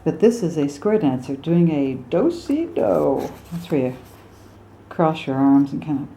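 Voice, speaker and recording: A woman's voice: sits low, very animated, measured pace, gravelly, mellow, a little hiss or hum. An American woman teaching song lyrics with drawings, chatty and poking fun at her own slips. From United States. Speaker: singing and diction teacher.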